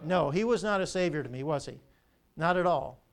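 High-voiced older pastor preaching. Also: male voice, brisk. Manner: animated storytelling with rhetorical questions. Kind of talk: sermon.

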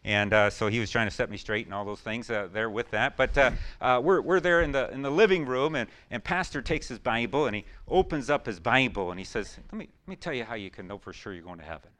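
A man preaching a sermon in a folksy storytelling way, full of fillers and restarts, now and then breaking into excited whoops. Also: medium pitch, fast talker, hardly any pauses. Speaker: pastor.

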